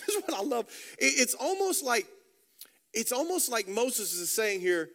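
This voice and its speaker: Pastor, male, high bright voice, fervent sermon delivery, stammers into repeated phrases for emphasis. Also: sing-song, moderate pace, in a large hall. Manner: passionate, repeats words while building a point.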